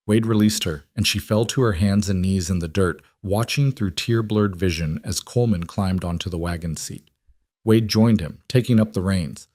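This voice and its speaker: A man's voice: sits low, moderate pace, darkish tone, dry recording, clean studio sound. A man reading a dramatic story in a scripted narration style.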